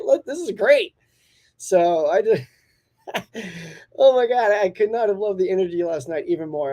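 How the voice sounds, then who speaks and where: A man's voice: high-pitched, warm tone. A man hosting a casual morning live-stream chat, upbeat and talkative, laughing often as he reads out and answers viewer comments.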